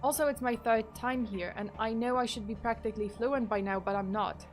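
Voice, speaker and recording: A woman's voice: fairly high pitch, steady tone, brisk, soft background music, natural voice. A woman reading a nervous young lost hiker. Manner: read in the narrator's own plain voice.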